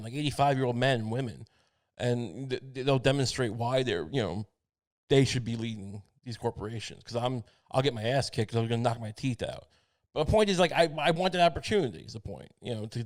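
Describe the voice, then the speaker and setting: A man talks into a podcast mic, riffing on a comic rant in a middle-pitched voice. He rambles and swears, trips over his words and restarts. The tone is loose and unscripted. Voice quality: profane, halting delivery with many restarts. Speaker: podcast host. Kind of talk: rambling comedic monologue. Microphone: podcast microphone.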